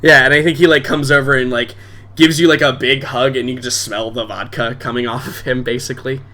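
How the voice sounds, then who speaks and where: A man's voice: medium pitch, fairly even intonation, a little fast, pushed and bright. A man narrating as game master in a casual, filler-heavy way.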